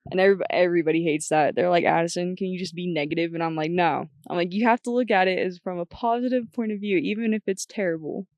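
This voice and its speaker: A woman's voice: on the low side, quick pace, few pauses, a little mellow, no echo, lo-fi sound. A young woman guest on a podcast, talking bluntly and chattily, often quoting herself. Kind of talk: casual chat.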